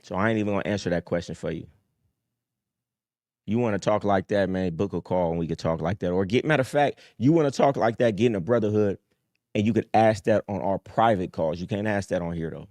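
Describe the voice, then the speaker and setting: A man in his thirties hosts a live call-in show with a low voice and a streetwise, preachy delivery. He drops to quiet mutters, then jumps up high to hammer a point home. The sound is dry and close, with no room around it. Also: a little fast, no echo. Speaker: host. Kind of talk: casual livestream talk.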